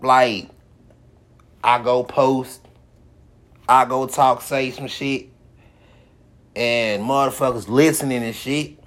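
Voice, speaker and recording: A man's voice: medium pitch, fairly even intonation, slow, long pauses, fairly bright tone. A man hosting his own podcast, giving a profane, repetitive motivational monologue with heavy swearing. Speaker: podcast host.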